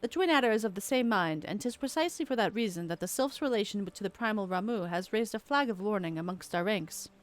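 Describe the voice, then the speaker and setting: A woman's voice: medium pitch, animated, quick pace, few pauses, close to an everyday voice. A woman voicing a stern military commander in a game, reading formal, old-fashioned lines. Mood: grave.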